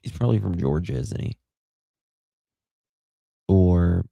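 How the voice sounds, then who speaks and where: A Southern-accented man hosts a late-night livestream, chatting loosely with viewers and reading their comments aloud. His voice sits very low and gravelly, with a dark, mellow tone. He talks at an unhurried pace. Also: dry recording. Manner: chatty, drawling, greets viewers by name. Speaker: livestream host.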